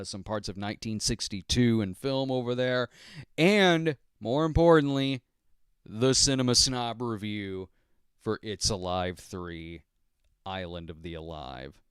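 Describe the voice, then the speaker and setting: A man's voice: medium pitch, smooth, no echo. A tired man hosting a podcast, chatting loosely about movies with laughs and fillers, close to the mic. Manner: animated, laughs between thoughts, loose fillers. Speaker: podcast host. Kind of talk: casual rambling movie chat.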